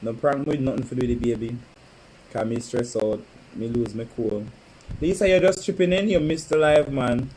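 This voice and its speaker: A man's voice: medium pitch, normal speed, a little mellow, slight background noise, low-quality recording. A man chatting casually on a home live stream, teasing and calling out to viewers by name. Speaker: livestream host. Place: home, indoors.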